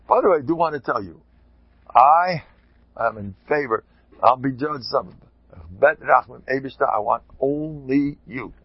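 A man giving an informal Torah talk, animated and digressive, with chuckling asides, on a dull lo-fi recording. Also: medium pitch, husky, dry recording. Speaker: religious lecturer.

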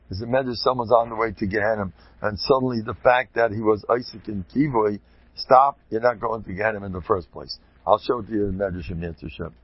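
A man giving an informal Torah talk, animated and digressive, with chuckling asides, on a dull lo-fi recording. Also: fairly low pitch, husky, dry recording. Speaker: religious lecturer.

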